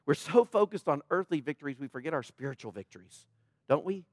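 High-voiced man preaching conversationally. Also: animated, quick pace, dry recording, clean studio sound. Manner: conversational preaching, often asks "right?"; dramatic quoting of prayer in a raised voice. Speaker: pastor. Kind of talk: sermon.

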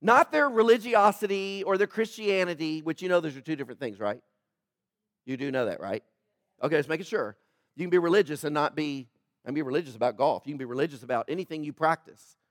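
A man preaching a sermon as pastor, swinging between loud declarations and soft joking asides and putting questions to the congregation. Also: a little high, quick pace, no room sound, clean studio sound.

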